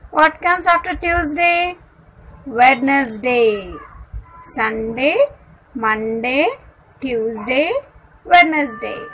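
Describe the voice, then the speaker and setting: A woman teacher with a high voice leads a slow question-and-answer drill for young children. She asks each question and then answers it herself at an unhurried pace. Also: bright, forceful tone, poor audio.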